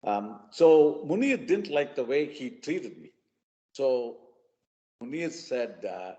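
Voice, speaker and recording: A man from Chennai with an Indian English accent tells his life story slowly as a guest speaker at a mentoring webinar. His voice is mid-range, and he animatedly acts out the voices of people he quotes for a moment. A long reverb tail follows his words.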